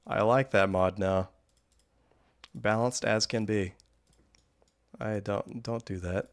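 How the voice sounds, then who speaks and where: A man's voice: lowish voice, steady tone, takes it slowly, pauses often, clear, resonant tone. A man giving casual, wry gameplay commentary, rambling and often laughing. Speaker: gaming YouTuber.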